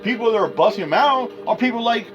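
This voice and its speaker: A man hosting his own podcast, ranting casually in a rambling, profane way that swings between mutters and loud outbursts. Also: sits high, lively intonation, fast. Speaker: podcast host. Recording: dull lo-fi sound with faint music.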